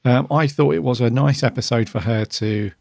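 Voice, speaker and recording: Male podcast co-host, casual and rambling, creaky mid-pitched voice, dry sound. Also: moderate pace, darkish tone, dry recording. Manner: chatty, rambling with many ums. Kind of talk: casual review chat.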